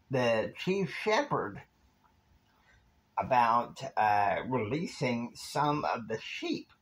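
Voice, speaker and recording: A man with a medium-pitched voice tells a rambling, casual story that drifts from one scene to the next, sprinkled with fillers and time stamps. The audio quality is poor.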